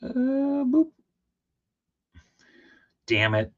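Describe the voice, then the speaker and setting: Co-hosting a toy customizing livestream, a man paints a toy figure while chatting casually, speaking very slowly. He is animated and laughing, jumping into high, excited voices as he tells stories. The stream audio is slightly dull and lo-fi.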